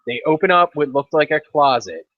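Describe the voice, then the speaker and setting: A man's voice: on the high side, sing-song, a little fast, no echo. A man on a casual podcast, telling a long story in a laid-back way with dry asides. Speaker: podcast co-host. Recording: dull lo-fi dry podcast audio.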